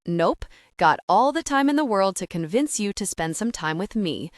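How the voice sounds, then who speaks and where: A woman voicing a steady, teasing young male cowboy in a romance audiobook, with a dry, joking delivery. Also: mid-range voice, moderate pace, no echo, natural voice.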